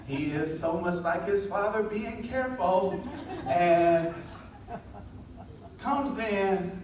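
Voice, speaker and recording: A man giving a motivational talk, telling a story with lively delivery and acting out the people in it. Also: high voice, slow, very echoey, recorded from a distance, background noise. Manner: animated storytelling, acting out voices. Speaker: motivational speaker.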